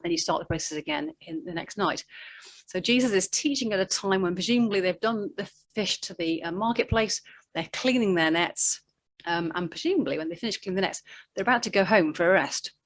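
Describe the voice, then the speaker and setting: A woman's voice: on the low side, brisk, slight background noise. A woman giving a conversational sermon, telling the story in a chatty way with asides. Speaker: preacher.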